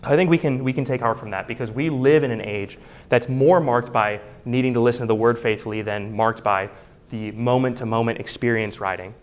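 A man preaching from the pulpit in a mid-range voice. He speaks earnestly and stresses his points with rhetorical questions, keeping a steady teaching tone. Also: mid-range voice, fairly quick. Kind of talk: sermon.

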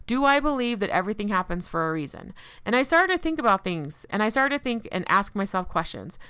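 Earnest woman with a smooth, resonant voice. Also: medium pitch, fairly bright tone, no echo. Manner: earnest, measured, with rhetorical questions and sarcastic quoting. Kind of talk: reflective personal monologue.

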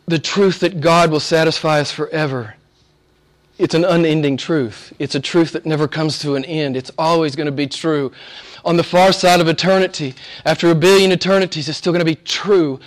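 A man preaching a sermon as pastor, conversational with chuckled asides, dropping to hushed whispers and rising to loud emphatic peaks. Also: on the high side, steady tone, moderate pace.

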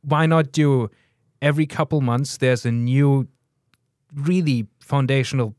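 A man co-hosting a podcast, making his case earnestly with halting restarts. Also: mid-range voice, fairly even intonation, a little mellow, no echo, studio quality. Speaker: podcast co-host. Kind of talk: casual debate chat.

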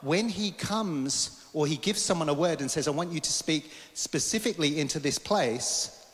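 A male preacher giving an animated sermon to a congregation and getting them to repeat words back. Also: on the high side, normal speed, long reverb tail. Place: church hall.

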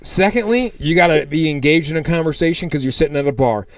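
A man co-hosting a casual podcast, telling lively stories in a loose way, swearing freely and acting out the people he meets. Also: a little high, fast talker, no echo. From United States. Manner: animated storyteller, swears freely, acts out customers. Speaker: podcast co-host. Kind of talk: casual chat.

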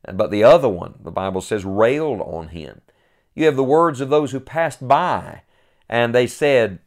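A man preaching a sermon in an earnest tone, rising to loud cries when he quotes and then dropping back low.

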